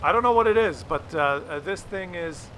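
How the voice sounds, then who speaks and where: Male gaming host, slightly higher voice, rambling, jokey, excitable commentary. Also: normal speed, slight background noise. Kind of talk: casual gameplay commentary.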